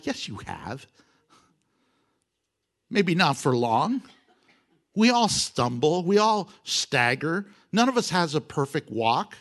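Lively high-voiced male preacher. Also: unhurried. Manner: animated preaching with laughs and acted quotes. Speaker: pastor. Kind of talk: sermon.

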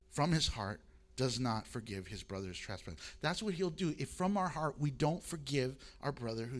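A male pastor preaching a sermon, reading scripture aloud and moving between loud emphasis and quiet asides. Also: a little high.

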